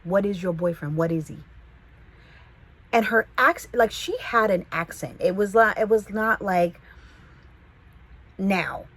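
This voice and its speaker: A woman from the San Fernando Valley with a Californian accent, telling a casual storytime vlog in a chatty, animated way. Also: mid-range voice, a little slow, pauses often, slightly rough, rough recording. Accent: Californian English. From Los Angeles, the Valley. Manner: chatty, animated, quotes people in voices.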